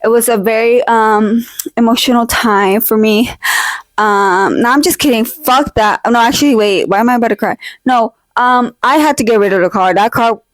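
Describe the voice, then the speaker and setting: A woman's voice: fairly high pitch, moderate pace, no room sound. A young woman vlogging from her decorated room at home, chatting casually into a close desk mic, rambling and jokey, full of fillers and teasing fake-outs. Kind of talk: casual chat. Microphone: own desk mic, held close.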